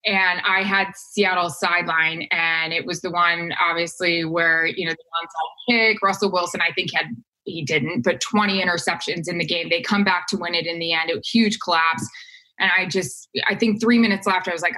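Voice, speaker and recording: Bright-toned woman telling lively stories. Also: fairly low pitch, a little fast, low-quality recording. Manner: animated storyteller acting out quotes. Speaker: guest sportscaster. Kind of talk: casual podcast chat.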